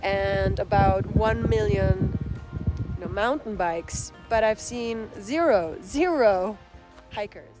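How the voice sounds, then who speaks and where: A woman films a casual solo hiking vlog outdoors on a mountain trail. She talks in a chatty, reflective way and muses aloud to her viewers. Her voice sits at a middle pitch, with music playing underneath. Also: takes it slowly. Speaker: solo thru-hiker vlogger.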